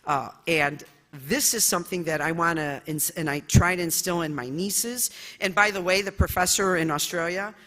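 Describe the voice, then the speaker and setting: A middle-aged woman judge from the United States, telling personal stories at a conference in an expressive, loud way with many fillers. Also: lowish voice, moderate pace, hardly any pauses. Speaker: judge giving a conference talk. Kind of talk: conference speech, personal storytelling. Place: large conference hall. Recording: echoey conference hall.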